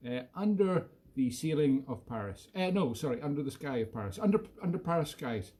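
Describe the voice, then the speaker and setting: A man's voice: on the high side, big pitch swings, a little fast, a little mellow. Jokey man hosting a home music stream. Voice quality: jokey, self-deprecating, laughs easily. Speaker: musician host. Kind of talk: casual live-stream chat.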